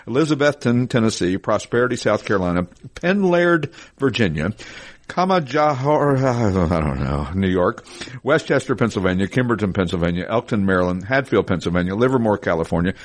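Middle-aged man, lowish voice, casual podcast host, chatty, laughs easily. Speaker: podcast host, car dealership spokesman.

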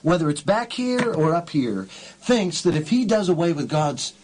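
A male talk show host speaking fervently and excitably, often repeating himself. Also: fairly high pitch, unhurried, slight background noise. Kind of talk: emotional radio interview.

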